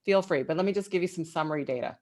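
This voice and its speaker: A middle-aged woman, an executive guest, giving motivational advice in an interview with emphatic, animated delivery. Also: racing. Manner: emphatic and animated, with big swings in pitch.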